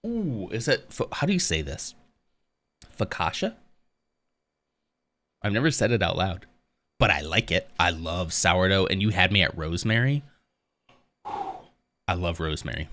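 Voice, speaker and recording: Male streamer, casual, self-deprecating chatter, lower pitch, bright edge. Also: sing-song, moderate pace. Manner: rambling, self-deprecating, laughs often. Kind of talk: casual chat with live chat.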